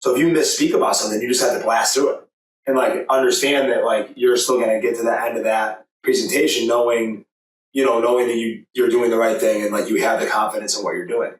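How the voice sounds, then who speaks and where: A man of middle pitch hosts a casual podcast, talking animatedly and retelling stories. His voice comes from some distance off the mic and rings in a very echoey room. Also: steady tone, quick pace. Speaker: podcast host.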